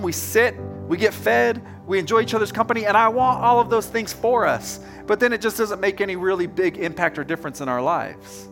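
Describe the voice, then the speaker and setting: A male pastor with a high, slightly bright voice gives a conversational sermon at a church service. He tells anecdotes and speaks casually and directly to his congregation.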